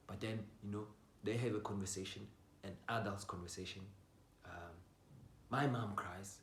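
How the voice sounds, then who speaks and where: A young man telling a personal story in a casual way. He swings from loud outbursts to low mutters and swears freely. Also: fairly even intonation, normal speed, pauses often, a little hiss or hum. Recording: roomy echo.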